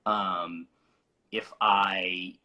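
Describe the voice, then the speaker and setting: A young man coaching singing, explaining voice terms casually with many fillers and quick sung demonstrations. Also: low voice, flat delivery, bright, forceful tone, dull audio. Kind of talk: casual vocal instruction.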